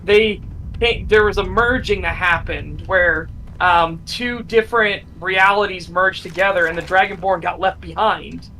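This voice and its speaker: A man streaming a game and chatting casually, excitable and swearing freely. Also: sits high, unhurried, slight background noise, poor audio. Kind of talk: casual gaming chat.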